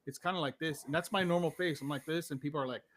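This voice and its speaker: Easygoing co-host man, slightly high voice. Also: fast, a bit bright, a little hiss or hum. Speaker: podcast co-host. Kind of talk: casual chat.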